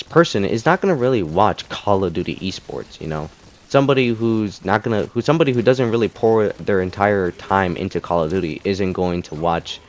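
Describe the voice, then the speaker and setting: A man giving a casual gaming rant to his audience, rambling with many fillers and restarts. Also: fairly low pitch. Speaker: gaming commentator.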